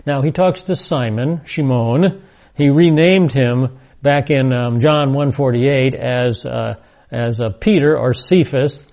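Male Bible teacher, mellow and gravelly, deliberate and emphatic lecture delivery, muffled lo-fi recording. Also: medium pitch. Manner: deliberate, emphatic, repeats key words.

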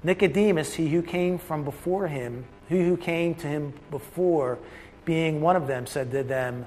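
A man's voice: fairly high pitch, moderate pace, a little mellow, slight background noise, poor audio. A man teaching a Bible study, reading passages aloud and breaking off to explain them in his own words, with restarts and asides.

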